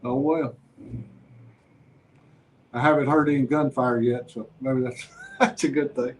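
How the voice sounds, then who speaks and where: A man's voice: medium pitch, steady tone, unhurried, rough recording. A man talking as a guest in a casual chat, easygoing and plainspoken.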